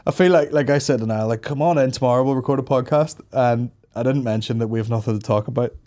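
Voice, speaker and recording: A man in casual banter, swearing freely and cracking crude jokes. He sounds giddy and tired, with a middling pitch. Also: fast talker, warm tone. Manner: crude, jokey, swears a lot, puts on voices in stories. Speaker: podcast host.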